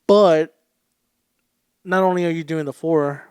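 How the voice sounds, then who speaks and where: A man's voice: a little high, fairly even intonation, a little slow, a little mellow, clean tone, no room sound. A man co-hosting a casual podcast, laid-back and often chiming in with short agreements. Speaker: podcast co-host. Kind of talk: casual chat.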